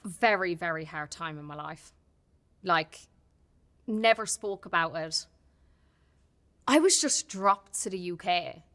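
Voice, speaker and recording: Irish woman, bright clear voice, open heartfelt talk, restarts sentences, podcast guest. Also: lowish voice, lively intonation, takes it slowly, long pauses. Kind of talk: candid casual chat.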